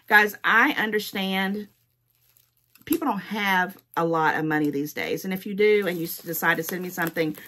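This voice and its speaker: A YouTube host with a Southern US accent opens gifts in a casual home vlog, shot at home in daylight, gushing effusively and repeating her thanks. Her voice is deep and a bit bright, with slight background noise.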